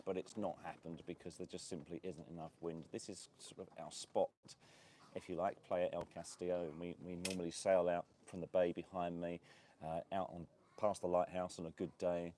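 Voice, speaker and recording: Mellow and low-pitched, this man's voice comes through with slight background noise. He hosts a property and lifestyle channel and chats loosely on a live stream from a beachside cafe outdoors, filling the talk with fillers and laughing often.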